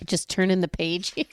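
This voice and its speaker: A woman's voice: fairly low pitch, gravelly, mellow, no echo. A woman hosting a book podcast, reading aloud and chatting casually with her guest, careful not to give away spoilers. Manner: chatty, stops herself from giving spoilers. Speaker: podcast host.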